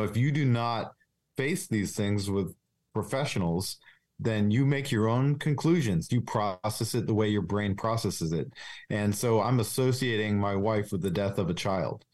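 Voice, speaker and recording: A police officer speaking as a guest in a candid interview, earnest and confessional, with many restarts and fillers. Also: male voice, lowish voice, darkish tone.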